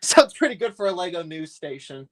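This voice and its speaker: A man's voice: high voice, very animated, fairly quick, fairly bright tone. A man streaming live while he builds a set, rambling and chatty, complaining with a laugh.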